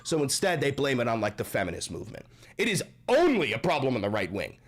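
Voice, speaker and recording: Loud profane male livestream ranter. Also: medium pitch, wildly swooping pitch, quick pace. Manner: loud, profane, mocking and combative. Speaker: livestream host. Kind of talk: profane political livestream rant.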